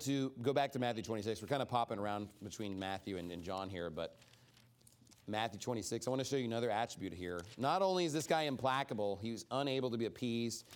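A man teaching an informal Bible study sermon in a casual way, acting out the people he quotes. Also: medium pitch. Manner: animated, acts out quoted speakers; casual, many "like" fillers.

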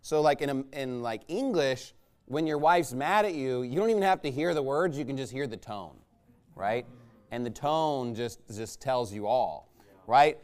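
Smooth-voiced man preaching casually. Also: medium pitch, lively intonation, normal speed, a little mellow. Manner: conversational, rambling, asks listeners "right?". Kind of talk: sermon.

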